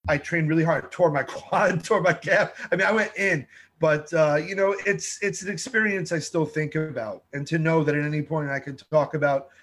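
A man tells stories in a relaxed interview, voicing the people he quotes. His voice sits a little high for a man. His delivery is lively and conversational. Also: moderate pace. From New York. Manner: animated storyteller, acts out quotes. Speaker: TV food show host, guest.

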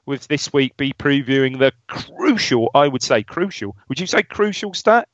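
A man's voice: mid-range voice, very animated, moderate pace, a bit bright, no echo. A man co-hosting a casual football podcast, chatty and rambling with frequent laughs. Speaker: podcast co-host. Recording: dull lo-fi audio, dry.

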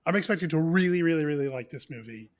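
A man's voice: fairly high pitch, lively intonation, fast. A man in his thirties co-hosting a podcast in casual chat, with a dry, teasing sense of humor. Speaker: podcast co-host.

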